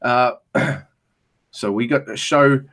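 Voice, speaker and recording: Man, podcast co-host, casual recap, rambling, swears a lot, middling pitch. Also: slow pace. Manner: rambling, profane, animated play-by-play. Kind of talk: casual wrestling recap chat.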